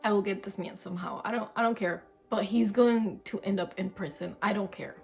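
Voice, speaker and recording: A woman's voice: medium pitch, fairly quick, creaky, darkish tone. A young woman vlogger telling a story in casual, dramatic chat, swearing freely. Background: faint background music.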